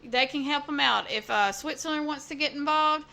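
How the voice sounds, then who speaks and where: A woman co-hosts a podcast in casual, emphatic chat. Her voice is fairly high and bright, and she often circles back over the same words. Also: moderate pace, creaky. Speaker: podcast co-host.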